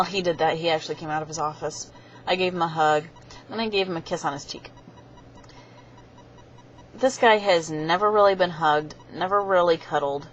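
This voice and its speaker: A young woman with a low voice tells a rambling, chatty story straight to her webcam. She slips into little voices for the people she quotes, and the sound is dull and lo-fi with a faint hiss underneath. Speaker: vlogger.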